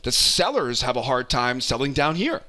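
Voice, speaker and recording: A man with a bright, forceful voice walks through market charts like a coach. He talks with energy, repeats key phrases for emphasis, and keeps tossing in a questioning "right?" to pull the listener along. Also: mid-range voice, big pitch swings, moderate pace. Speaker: trading educator. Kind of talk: live chart walkthrough lesson.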